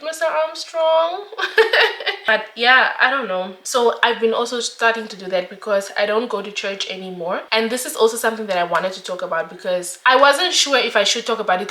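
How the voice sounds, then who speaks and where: A woman's voice: medium pitch, bright, forceful tone, roomy sound. A young woman vlogger chatting candidly while doing her makeup, laughing often. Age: young adult.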